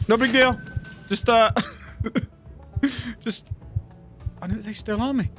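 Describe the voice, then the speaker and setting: Male gaming host, loud and profane, high and bright. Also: steady tone, takes it slowly, faint music behind. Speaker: gaming YouTuber. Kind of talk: gameplay commentary.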